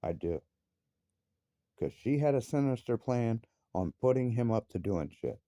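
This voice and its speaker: Furious dad cussing up a storm, deep dark voice that swoops way up when he yells. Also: expressive, a little slow, no echo, studio quality. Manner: angry, profane, voice rising sharply into outbursts. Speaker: father. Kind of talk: heated personal rant.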